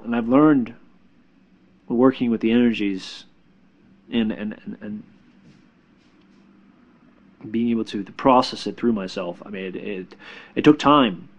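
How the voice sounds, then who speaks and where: A man who works as a spiritual healer, giving casual spiritual advice in a reassuring, halting way, with repeated words and fillers. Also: medium pitch, lo-fi sound.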